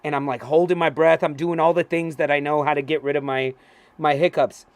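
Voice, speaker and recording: An excitable man co-hosting a casual chat show, spinning stories full of swearing and acted-out quotes. His voice sits a little high, and the sound is dry and close with no room echo. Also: fairly quick. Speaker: co-host. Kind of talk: casual chat, animated storytelling.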